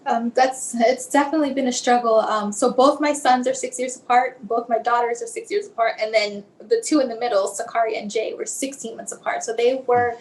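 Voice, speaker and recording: Brief: high-pitched woman in her 40s, interview guest, soft-spoken and emotional, halting delivery. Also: fairly even intonation, low-quality recording. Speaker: bereaved mother, guest. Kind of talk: personal storytelling in an interview.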